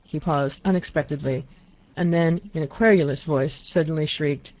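An audiobook narrator reading a classic novel in a steady, measured way. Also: medium pitch, no echo, poor audio.

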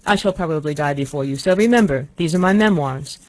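A narrator voicing a stern, irascible old male prince in an audiobook, speaking in clipped, gruff bursts that rise into angry shouts. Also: medium pitch, a little fast, no echo, close to an everyday voice. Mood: gruff instructing. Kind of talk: audiobook character voice.

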